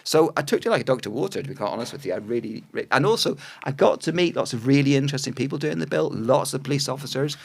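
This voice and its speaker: A Northern Irish man in his sixties, a TV producer chatting as a podcast guest, telling stories with lively asides and restarts. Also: mid-range voice, fast talker, vocal fry, hardly any pauses, husky. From Northern Ireland. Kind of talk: casual interview chat.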